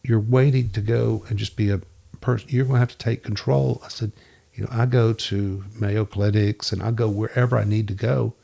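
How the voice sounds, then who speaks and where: A man's voice: fairly low pitch, normal speed, vocal fry. A man guest on a podcast, telling stories in a casual interview and acting out the voices of people he quotes. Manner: lively storyteller who acts out quoted dialogue.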